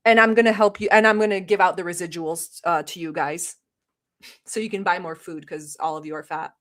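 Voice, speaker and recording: A woman's voice: fairly low pitch, steady tone, a little fast. Brash sarcastic woman streamer. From Middle East. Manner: brash, sarcastic, mock-yelling at chat. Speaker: livestream host. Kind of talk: casual livestream commentary.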